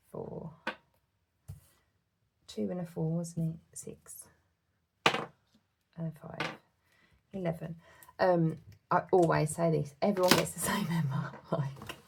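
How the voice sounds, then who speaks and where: A British woman vlogs in a casual, giggly ramble, counting numbers aloud under her breath. Her voice sits a little low with a gravelly fry. Noise and clicks sit behind her voice. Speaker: budgeting vlogger. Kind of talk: casual chat while cash stuffing.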